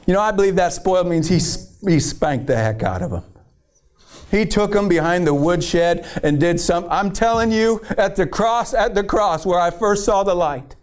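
A man's voice: sits high, animated, normal speed. A middle-aged man preaching a fiery sermon, emphatic and fired up.

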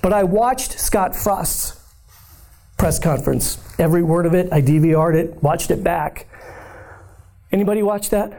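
Hoarse man preaching with lively energy. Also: high-pitched, a little slow, long pauses. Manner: animated and conversational, often asking the room "right?"; bold, upbeat and joking. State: hoarse, voice nearly gone. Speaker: guest speaker at a church. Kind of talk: lively sermon-style talk.

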